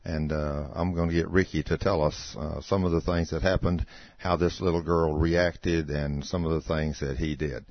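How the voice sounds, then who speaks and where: A man's voice: rumbling low, fairly even intonation, normal speed, no room sound. A man hosting a talk show, introducing his guest unhurriedly with many "uh" fillers. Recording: dull, muffled sound.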